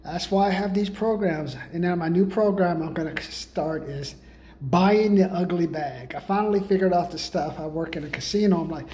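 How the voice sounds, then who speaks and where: A man talks at a normal pace in a mellow voice, with a little hiss or hum on the recording. It's a comedic rant: playing a self-styled sales guru, he rambles profanely in streetwise slang, hard-selling his pricey programs like a pitchman.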